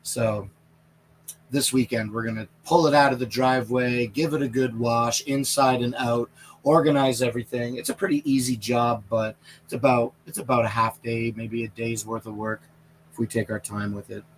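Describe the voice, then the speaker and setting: A man with a light Canadian accent talks in an ordinary middle pitch, loose and chatty. He rambles easily and answers viewer questions as he hosts a live stream from a small camper trailer. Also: steady tone, normal speed, a little hiss or hum. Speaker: livestream product reviewer. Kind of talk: casual live-stream chat.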